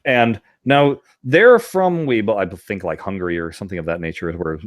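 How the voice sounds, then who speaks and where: A man's voice: on the low side, animated, fairly quick. Self-mocking man co-hosting a podcast. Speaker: podcast co-host. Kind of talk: casual chat.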